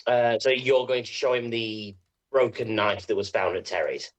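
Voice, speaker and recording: A man's voice: mid-range voice, moderate pace, poor audio. A man running a tabletop game as game master, chatty and joking. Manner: laughs often, chatty and joking.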